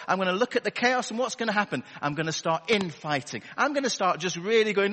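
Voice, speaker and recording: A man with a high, expressive, slightly bright voice preaches a sermon quickly and with few pauses, wry and conversational, firing rhetorical questions at a live congregation. He uses a wireless battery mic in a church hall, and the large room adds a long reverb.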